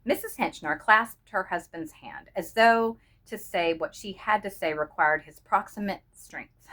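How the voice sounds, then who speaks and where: A woman reading a short story aloud in a measured, expressive narrating manner. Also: on the low side. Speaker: reader.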